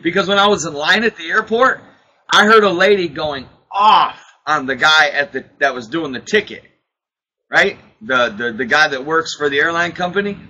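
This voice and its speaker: A man with a high, husky voice and a bright, sharp tone tells a story with great animation. He acts out what others said and laughs easily as he goes. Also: normal speed, low-quality recording. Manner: excitable storyteller, acts out quotes, laughs often. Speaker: podcast host. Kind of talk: casual chat, animated storytelling.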